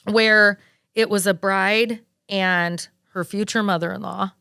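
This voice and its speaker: Smooth-voiced woman telling lively stories. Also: mid-range voice, slow, no echo, studio quality. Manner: lively, animated storytelling. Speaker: wedding planner guest. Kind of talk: casual podcast interview storytelling.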